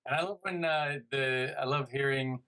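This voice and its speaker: A man's voice: medium pitch, moderate pace, bright, forceful tone, smooth. Rambling, joking man in a casual interview. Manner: rambling, self-interrupting storytelling with playful asides. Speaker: guest comedian.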